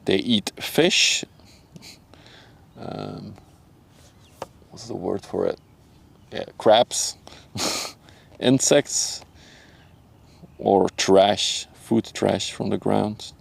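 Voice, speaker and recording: At sunset on a riverbank, a young Dutch-accented streamer chats casually with his viewers in a low, slightly gravelly voice. He speaks very slowly with long pauses, laughs easily, and addresses chat by name. Relaxed and talkative, he sometimes drops to a hushed tone so he won't disturb people nearby.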